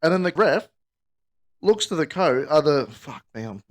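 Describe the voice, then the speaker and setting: A man telling a rambling, sweary story in casual podcast chat. He acts out the people he quotes in higher voices. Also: sing-song, moderate pace. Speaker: podcast co-host.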